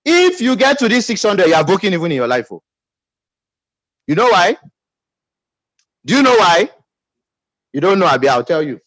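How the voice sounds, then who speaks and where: Emphatic Nigerian man, lively high voice. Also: normal speed, pauses often, no echo, rough recording. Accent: Nigerian English. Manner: emphatic, calls for audience responses. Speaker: business team leader. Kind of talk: motivational pep talk.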